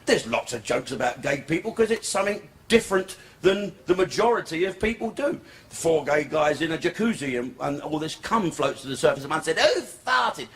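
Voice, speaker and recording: A man's voice: a little high, fairly bright tone. A man doing a crude, provocative stand-up routine in a comedy club. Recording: comedy club with crowd noise.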